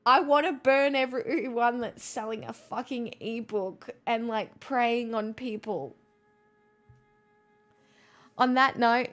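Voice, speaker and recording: A woman's voice: fairly high pitch, steady tone, slow pace, long pauses, a bit bright. Sarcastic ranting woman streamer. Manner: sarcastic, ranting, laughs often. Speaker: live streamer. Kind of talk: casual live-stream chat.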